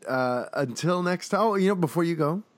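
A man hosting a casual podcast, chatty and enthusiastic, his voice sitting a little high for a man. The sound is close and dry, with no room around it. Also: animated, fairly quick, no room sound. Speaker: podcast host.

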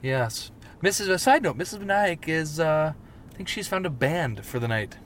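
A man's voice: a little high, expressive, normal speed, fairly bright tone, a little hiss or hum. Joking man co-hosting a podcast. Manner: joking, trash-talking banter. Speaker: podcast co-host. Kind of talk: casual chat.

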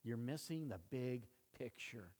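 Male pastor, mid-pitched, relaxed conversational preaching that rises for emphasis. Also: a little slow. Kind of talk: sermon.

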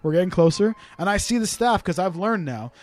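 A man hosting a podcast and telling a comic anecdote in a casual, profane, animated way. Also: high-pitched, fairly quick. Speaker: podcast host. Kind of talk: casual storytelling chat.

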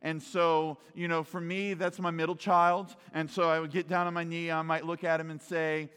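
Chatty preacher with a lightly raised voice in a big reverberant hall. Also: male voice, on the high side, little pitch movement, normal speed, fairly bright tone, clean tone. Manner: conversational, often asks "right?", repeats words as he starts sentences. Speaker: pastor. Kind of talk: teaching sermon. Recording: long reverb of a large hall.

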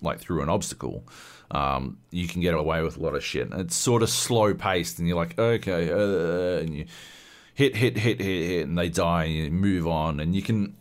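A man co-hosting a podcast in casual chat, rambling and swearing, full of fillers and restarts. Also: low voice. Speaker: podcast co-host. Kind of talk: casual chat about games.

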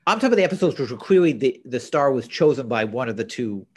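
A man's voice: medium pitch, big pitch swings, quick pace, slightly rough. A man co-hosting a podcast, recapping a TV episode in casual chat with blunt opinions. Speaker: podcast co-host.

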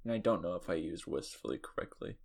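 A man guessing answers in a casual movie quiz. He thinks out loud and hesitates over his word choices. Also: sits low, expressive, fast, gravelly. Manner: musing, hesitant, thinks aloud. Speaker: quiz guest. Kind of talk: casual podcast chat.

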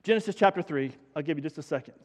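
High-voiced preacher in a big hall. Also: male voice, rapid-fire. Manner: energetic, conversational preaching with emphatic repetition. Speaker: pastor. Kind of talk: sermon.

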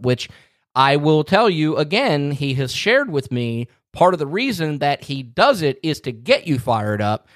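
A man's voice: mid-range voice, no echo, clean studio sound. A man hosting a casual podcast chat, teasing his co-host in an easygoing way and laughing along.

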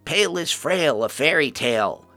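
A man's voice: fairly high pitch, animated, moderate pace, creaky, pushed and bright, pitched above the performer's own voice, full character voice. A man voicing a mad female ghoul who speaks only in shrieking singsong rhymes.

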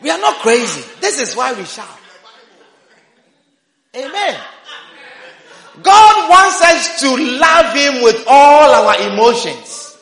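High-voiced man preaching with a shout. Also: very animated, slow pace, long pauses. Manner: emphatic, repeating phrases, bursts into shouting. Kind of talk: sermon. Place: church sanctuary. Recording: roomy hall reverb.

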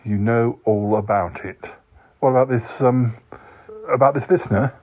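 Fretful, husky podcast host man. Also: mid-range voice, normal speed, a little mellow. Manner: fretful, easily worried. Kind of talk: comic podcast skit. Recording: dull lo-fi recording.

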